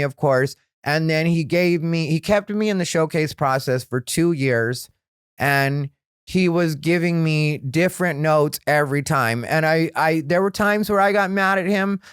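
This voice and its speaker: A male comedian hosting his own podcast, telling stories in a frank, rambling way that grows animated. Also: fairly high pitch, normal speed, smooth, no echo, studio quality. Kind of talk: candid solo podcast storytelling.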